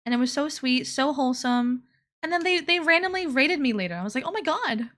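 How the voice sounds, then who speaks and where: High-pitched young woman streamer just chatting, laughs a ton, gets loud and hyped. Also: a little fast. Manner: laughs often, excitable and loud. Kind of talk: casual livestream chat.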